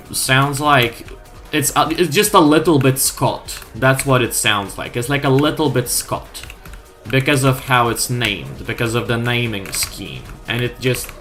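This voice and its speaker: A woman's voice: very deep voice, fairly bright tone. A woman streamer chatting casually over gameplay, sweary and wry, often mocking herself.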